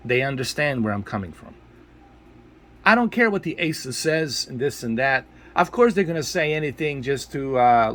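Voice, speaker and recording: A man's voice: medium pitch, fairly bright tone. A man scolding his viewers in a ranting video commentary, exasperated and repeating himself for emphasis. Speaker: tech video creator.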